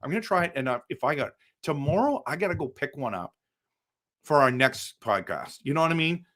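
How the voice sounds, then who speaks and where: A man hosting a casual live stream for viewers, excitable and exasperated, breaking into loud outbursts. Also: on the high side, a little fast. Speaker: livestream host.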